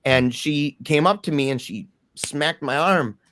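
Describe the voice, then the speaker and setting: A man's voice: a little high, a little slow, a bit bright, no room sound. A man speaking as an interview guest, telling a personal story in a casual, slangy, emphatic way. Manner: informal, slangy, says "bro" and "man"; earnest, emphatic retelling of a personal ordeal.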